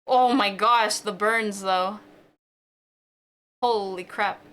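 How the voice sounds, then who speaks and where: A woman's voice: medium pitch, fairly even intonation, takes it slowly, a bit bright. A woman chatting casually on a live stream, bubbly and playful as she greets viewers at her desk microphone.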